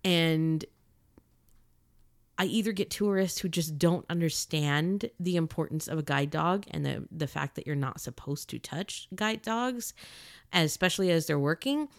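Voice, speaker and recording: Indignant woman telling a story, low voice. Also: unhurried, creaky, no room sound, studio quality. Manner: animated, indignant retelling with voiced quotes. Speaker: podcaster telling a personal story. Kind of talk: casual spoken storytelling.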